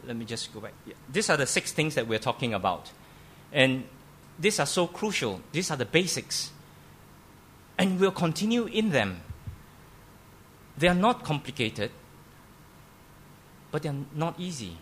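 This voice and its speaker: A man's voice: a little high, sing-song, a little slow, long pauses, fairly bright tone, a little hiss or hum. Emphatic pastor man preaching. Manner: emphatic, repeats words, stammering restarts. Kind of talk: sermon. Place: church.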